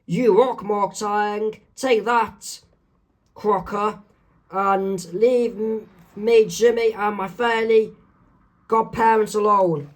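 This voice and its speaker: Man reading as excitable boy, eager, pitched up. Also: takes it slowly.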